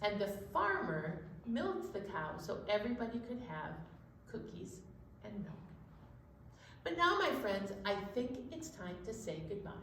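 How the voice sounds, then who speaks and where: A woman's voice: medium pitch, very animated, a bit bright, slight background noise. Cheery sing-song librarian woman, echoey. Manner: cheery, sing-song, slow and clear for children. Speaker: library storytime leader. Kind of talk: children's storytime with sung songs. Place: library program room. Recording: echoey room, voice far from mic.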